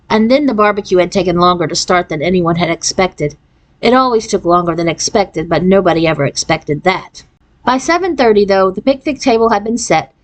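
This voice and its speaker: A woman reading a children's chapter book aloud. Her narration is clear and steady, at a middle pitch for a woman. She tells the story plainly between the character voices. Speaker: reader.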